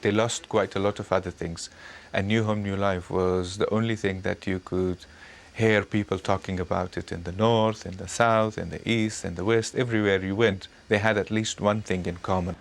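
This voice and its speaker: A man's voice: deep voice, steady tone, moderate pace, gravelly. A man speaking emphatically in an interview, listing place after place.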